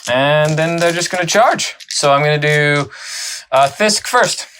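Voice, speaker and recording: A man's voice: on the high side, pushed and bright, slight background noise. A man hosting and playing a tabletop battle, chatty, thinking aloud and often laughing as he talks through the moves. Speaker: host and player. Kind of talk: casual tabletop battle commentary.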